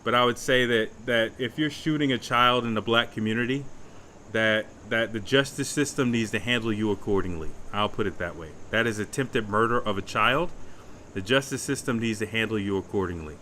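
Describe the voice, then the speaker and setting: A man's voice: fairly low pitch, brisk, bright, forceful tone, a little hiss or hum. A young man giving blunt, profane casual commentary, often repeating phrases as he picks his words. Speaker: commentator reacting to a livestream.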